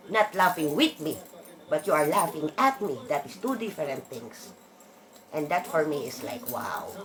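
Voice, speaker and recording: A woman in a casual monologue, blunt and emphatic, swearing freely as she rants. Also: deep voice. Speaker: vlogger.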